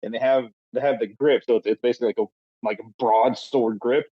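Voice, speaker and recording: A man in mid-pitch talks loosely on a podcast, circling back and restarting his sentences as he tells a coaching story. His voice comes through a slightly dull, lo-fi recording. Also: fairly even intonation, fast talker, breathy edge, no room sound. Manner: rambling storyteller with many restarts. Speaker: podcast co-host, youth baseball coach. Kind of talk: casual chat.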